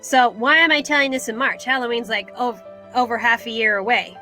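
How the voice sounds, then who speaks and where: Bright, high-pitched American woman host. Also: fairly even intonation, fairly quick, soft background music. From United States. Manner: chatty and self-deprecating. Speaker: podcast host. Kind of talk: casual solo podcast talk.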